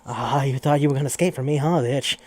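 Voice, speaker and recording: A man's voice: medium pitch, fast, lightly acted. A man voicing a murderous, vengeful man who swears and threatens. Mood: menacing. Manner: profane, threatening.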